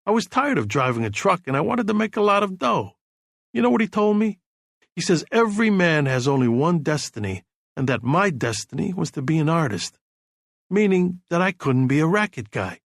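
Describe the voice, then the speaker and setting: A man's voice: a little high, big pitch swings, gravelly, dry recording, clean studio sound, voice pushed up, heavily acted. A man voicing a brash, drunken male singer who slurs and drawls his words as he talks back to his old partner, in an audiobook. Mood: chatty. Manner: slurring, drawn-out drunken delivery.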